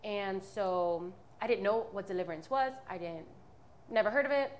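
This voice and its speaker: Her medium-pitched voice is animated and moves at a normal speed as she guests on a podcast. The woman, in her twenties, rambles candidly through a personal testimony, with plenty of fillers and false starts.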